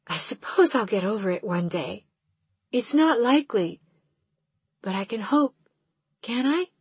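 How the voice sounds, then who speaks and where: A quiet teenage girl keeping a brave front, as a woman reads her in an audiobook, wistful and subdued. Slow, soft and husky, recorded close and dry. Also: mid-range voice, expressive, dry recording.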